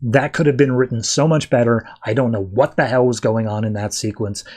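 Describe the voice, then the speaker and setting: A man's voice: medium pitch, fairly even intonation, brisk, darkish tone. Brief: male podcast host, loose and wry, recapping comics casually. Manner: wry and self-deprecating, loose recap talk. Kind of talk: casual comic book review.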